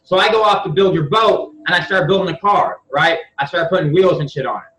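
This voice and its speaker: A man's voice: high voice, brisk, a bit bright. A man talking as a CEO in a casual coaching session, blunt and profane, often restarting his sentences. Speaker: company CEO and guest speaker. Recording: echoey, far from the mic, dull and noisy.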